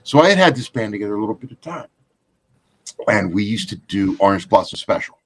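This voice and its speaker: A man hosting a casual chat, telling a gig story in an animated way. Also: lowish voice, a little fast, slightly rough. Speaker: podcast host.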